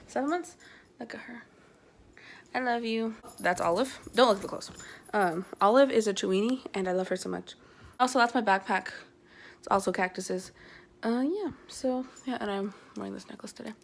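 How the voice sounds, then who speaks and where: A woman's voice: mid-range voice, vocal fry, a little hiss or hum. A teenage girl chatting on her phone in her bedroom, rambling and self-conscious as she shows her room. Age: teens. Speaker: vlogger. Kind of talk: casual chat. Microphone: handheld phone.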